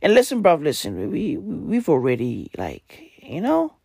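A man hosting a podcast, with a hoarse, worn-out voice and low energy, talking in a casual, profane comedic rant. He keeps tagging his lines with slang and "right?". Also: wildly swooping pitch, unhurried, mellow, no room sound, studio quality. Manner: profane, repetitive, tags lines with "bruv" and "right?". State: hoarse, voice nearly gone. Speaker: podcast host.

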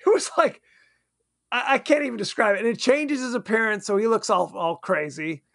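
High-pitched guy cohost, rambles through a movie recap with quick jokey asides. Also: vocal fry, fairly bright tone. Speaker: podcast co-host. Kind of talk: casual movie-recap chat.

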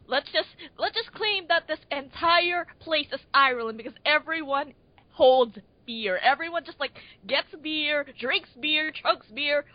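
A woman's voice: high voice, no echo, dull audio. A woman co-hosting a casual movie review chat, wry and hesitant, with many fillers and restarts. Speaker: movie review podcast co-host.

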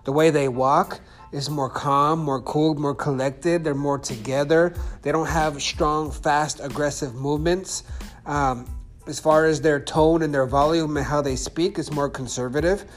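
Higher-voiced man teaching, checking in "okay?". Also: fairly even intonation, unhurried, faint music behind. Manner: repetitive, checks in with "okay?" and "right?". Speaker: sales and persuasion teacher. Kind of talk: instructional talk.

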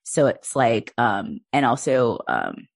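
A woman's voice: very deep voice, wildly swooping pitch, slow pace, creaky, no echo, studio quality. A woman co-hosting a podcast in casual chat, chatty and gossipy, often laughing.

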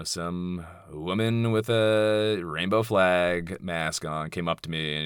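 A man in his thirties talks straight to his podcast audience in a loose, unscripted monologue. His voice sits low but comes out bright and forceful, with a dry, close sound. He is candid and blunt, swears without hesitation and drifts into asides. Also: clean tone, no room sound. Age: 30s. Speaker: podcast host. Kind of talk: casual monologue.

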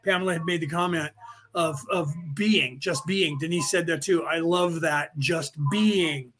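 Man, high voice, podcast host, rambling, emphatic, casual chat. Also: measured pace, fairly bright tone, a little hiss or hum. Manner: rambling, emphatic, reads listener comments aloud. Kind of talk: casual commentary to an audience.

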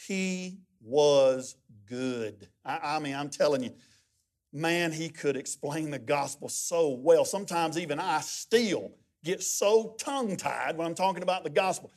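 A middle-aged man preaching as a guest pastor, telling stories in a lively, humorous way. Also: on the high side. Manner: animated, humorous storytelling with many restarts. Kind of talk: sermon.

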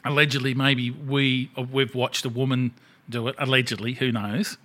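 Middle-aged aussie guy hosting a podcast, blunt, swears a lot, mid-pitched voice. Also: little pitch movement, moderate pace, bright, forceful tone. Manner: blunt, swears freely, laughs at himself. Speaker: podcast host. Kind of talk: casual chat.

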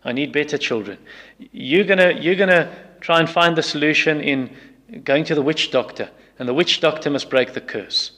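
A man's voice: on the high side, fairly even intonation, normal speed, sharp tone. A man preaching a sermon with emphatic repetition, acting out people's excuses in quoted voices. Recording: long reverb of a hall.

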